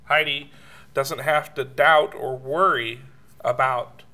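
A man preaching a sermon, telling personal stories with chuckles and at times sinking to a soft hush. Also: mid-range voice, steady tone, takes it slowly.

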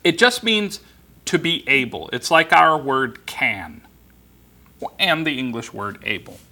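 Slow, bright-voiced man teaching scripture. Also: mid-range voice, lively intonation. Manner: slow, deliberate explaining with frequent ums and restarts. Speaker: preacher. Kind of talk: expository Bible teaching.

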